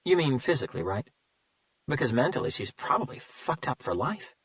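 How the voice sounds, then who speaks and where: A cool, taunting serial killer speaks in a smooth, self-satisfied tone, voiced by a male narrator. He lectures with calm arrogance. The delivery is close and dry, with a mid-range voice. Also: mid-range voice, brisk, dry recording, lightly acted. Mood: smug.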